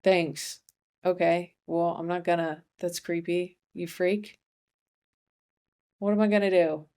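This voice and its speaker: A young woman hosting a comedy podcast, rambling through a casual monologue with deadpan asides and frequent self-interruptions. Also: fairly low pitch, takes it slowly, clean tone.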